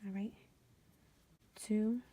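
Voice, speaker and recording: A woman hosting a casual sewing tutorial, chatty and drifting into quiet whispered asides as she works. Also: medium pitch, steady tone, extremely slow. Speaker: DIY sewing vlogger.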